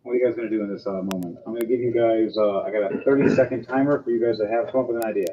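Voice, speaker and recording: Speaking rapid-fire in a fairly low voice, a man narrates as the game master of a tabletop game, loose and full of ums and uhs. The recording sounds slightly dull and lo-fi, with faint music in the background.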